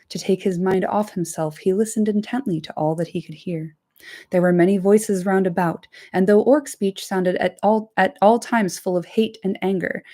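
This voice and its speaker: A woman's voice: medium pitch, warm tone. A woman hosting a book reading, narrating and breaking off into casual asides to live chat with some swearing. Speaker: host reading a book aloud.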